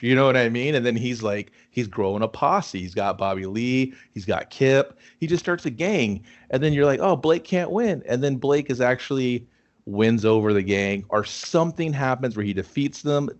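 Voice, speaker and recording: A man with an average-pitched voice reviews a movie in casual chat. He laughs often and slips into playful voices to act out scenes and pitch his own ideas. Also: animated, normal speed. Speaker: podcast co-host, movie reviewer.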